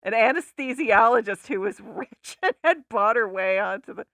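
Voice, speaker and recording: A woman co-hosting a movie podcast in a casual, animated way, laughing often between her points. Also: a little high, normal speed, dry recording. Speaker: podcast co-host. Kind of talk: casual movie-review chat.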